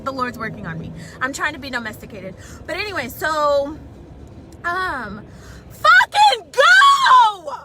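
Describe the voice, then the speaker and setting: A young female vlogger live-streams from her car while driving, rambling, venting, and swearing heavily in a high, animated voice. She talks fairly quickly with few pauses, and the phone audio is swamped by loud car, road, and traffic noise.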